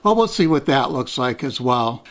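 A man's voice: mid-range voice, big pitch swings, normal speed, a bit bright. A man hosting a casual taste-test vlog, talking in a chatty, rambling way and poking fun at himself. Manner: chatty, rambling, self-deprecating. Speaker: host.

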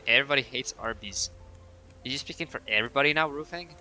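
A man's voice: mid-range voice, quick pace, pushed and bright, faint music behind. A man chatting casually on a live stream while he plays, reading viewer messages aloud and answering them playfully.

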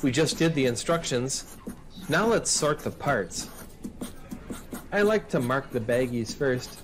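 A man's voice: medium pitch, lively intonation, slow pace, background noise. A man hosting a scripted comedy sketch about model cars, talking in a theatrical, preachy big-brother manner. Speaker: host.

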